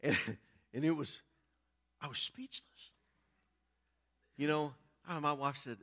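A man's voice: fairly high pitch, unhurried, pauses often. A middle-aged man, preaching a sermon as a story and often repeating his words. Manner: animated, repeats words while telling a story. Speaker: pastor.

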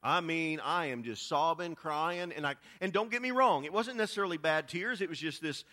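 Middle-aged preacher, bright edgy voice, animated storytelling with lots of repeated words. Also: male voice, on the high side, brisk. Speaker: pastor. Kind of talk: storytelling sermon.

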